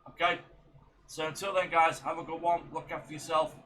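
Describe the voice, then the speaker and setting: A man's voice: a little high, little pitch movement, a little fast, sharp tone, a little hiss or hum, low-quality recording. A tired, middle-aged man hosting a reaction video, chatting casually in a rambling way with many fillers. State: tired and yawning.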